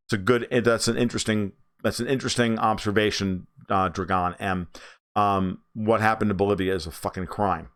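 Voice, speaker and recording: A man's voice: lowish voice, steady tone, normal speed, fairly bright tone, smooth. A man hosting a casual political livestream, ranting sarcastically and profanely, with many fillers and restarts.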